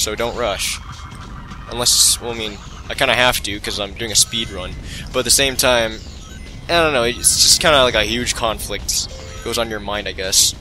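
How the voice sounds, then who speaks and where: A man's voice: medium pitch, low-quality recording. A man giving live gameplay commentary, talking to himself and poking fun at his own mistakes. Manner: talks to himself, self-mocking and excitable. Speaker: let's play commentator.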